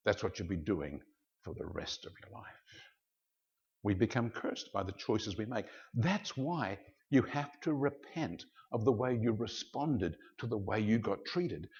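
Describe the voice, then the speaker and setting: Male pastor, gravelly voice, animated storytelling sermon, lo-fi recording. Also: on the low side. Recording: dull lo-fi sound.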